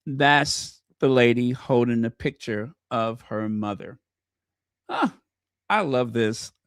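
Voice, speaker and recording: A man's voice: mid-range voice, lively intonation, takes it slowly, clean tone, dry recording, clean studio sound. A man giving casual video commentary, chatty and gushing, full of fillers and self-corrections, talking straight to his viewers. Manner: talks directly to viewers. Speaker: royal news commentator.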